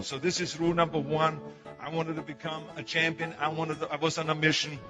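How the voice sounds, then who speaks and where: A man's voice: a little high, little pitch movement, fairly quick, music in the background. An older man with an Austrian German accent, whose first language is German, giving an emphatic motivational speech full of stories. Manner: storytelling, emphatic, with acted quotes. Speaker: public speaker.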